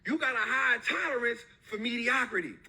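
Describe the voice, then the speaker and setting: Bright, husky, high-voiced man preaching ambition. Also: a little fast. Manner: emphatic, repetitive, slangy street talk. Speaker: motivational speaker. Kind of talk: motivational talk.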